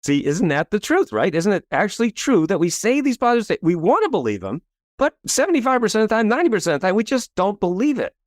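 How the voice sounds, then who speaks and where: Animated higher-voiced male coach. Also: fast, no echo, clean studio sound. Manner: animated, tags points with rhetorical "right?"; chuckles between points, salesy and emphatic. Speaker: coach and author, guest. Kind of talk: storytelling in a podcast interview.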